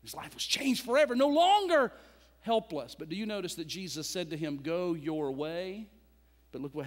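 A male pastor preaching a sermon, telling a story dramatically and swinging between loud and hushed. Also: mid-range voice. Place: church sanctuary. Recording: long church reverb.

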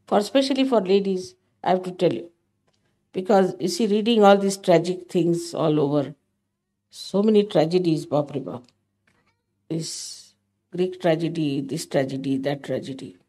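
A woman's voice: on the low side, normal speed, dark tone. An older woman giving a spiritual talk to her followers, emphatic and motherly, often scolding. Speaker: spiritual teacher.

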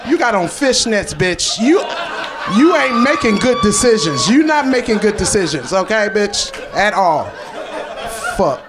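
A woman stand-up comedian doing brash, profane improvised crowd work on a comedy club stage, often shouting. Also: mid-range voice, big pitch swings, measured pace. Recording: live club recording, crowd laughter and noise.

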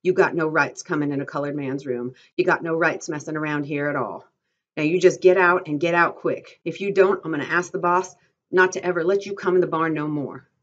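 A woman's voice: deep voice, fairly even intonation, fairly quick. A woman reading aloud, voicing a proud, bitter stable hand who talks coldly and guardedly, in a dull lo-fi recording. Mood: angry.

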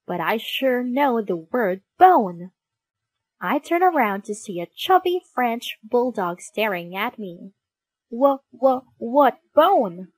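A woman narrating a children's storybook in an expressive, animated read-aloud manner. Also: mid-range voice, husky, no echo. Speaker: storybook reader.

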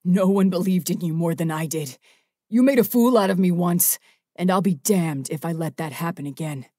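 A woman's voice: on the low side, steady tone, a little fast, dark tone, dry recording, clean studio sound, close to an everyday voice. A woman voicing a bitter young male winged warrior who speaks in a harsh, accusing way. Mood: cold, accusing.

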